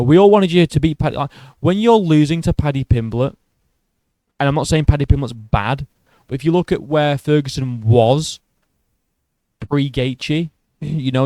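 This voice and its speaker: A man's voice: medium pitch, dark tone, no room sound. A man hosting an MMA video who rants in a casual, profane and sarcastic way. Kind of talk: casual opinion rant.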